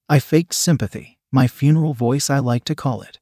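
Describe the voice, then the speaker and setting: A man reading a first-person story aloud in a calm, measured, coldly sly manner. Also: mid-range voice, no room sound, studio quality.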